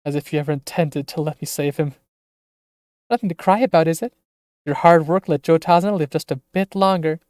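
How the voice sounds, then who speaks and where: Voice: medium pitch, fairly quick, a little mellow, no echo, clean studio sound, close to an everyday voice. A streamer voicing a gleeful, sadistic captor who taunts and giggles while reading game dialogue aloud. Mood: taunting.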